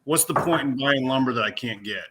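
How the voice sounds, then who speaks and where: A man's voice: medium pitch, fairly quick, noisy background. A man who works as a mill representative, speaking bluntly and angrily in a casual panel discussion. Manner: blunt and openly angry.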